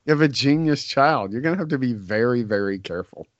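A man chatting casually in a slow, halting, hesitant way. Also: mid-range voice, animated. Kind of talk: casual chat. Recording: dry, dull lo-fi sound.

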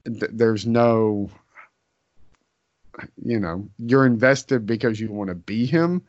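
A man in casual podcast chat, speaking slowly and deliberately. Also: on the low side, dry recording. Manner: slow, drawn-out and deliberate. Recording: dry, dull lo-fi sound.

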